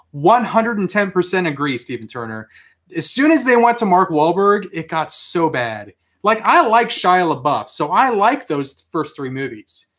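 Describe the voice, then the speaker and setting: A man hosting a toy collecting show, telling stories in a casual, chatty way, with animated reactions when he quotes himself. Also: fairly high pitch. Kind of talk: casual live-stream chat.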